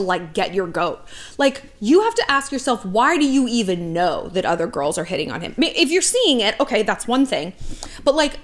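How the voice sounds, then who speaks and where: Woman vlogger, 30s, sassy and foul-mouthed advice host, voice sits a bit high. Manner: brash, profane, sassy, acts out quotes. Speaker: YouTube dating advice host. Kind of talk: casual advice vlog.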